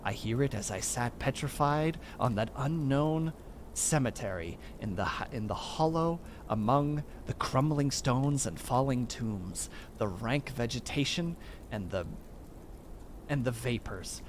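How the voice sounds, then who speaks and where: A man reads a horror story aloud with a lively, swinging delivery, rising and dropping in pitch for drama. He trips over words and corrects himself as he goes, at a middling pitch, with a faint hum of background noise. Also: measured pace. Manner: stumbles over words and restarts them. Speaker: streamer reading aloud.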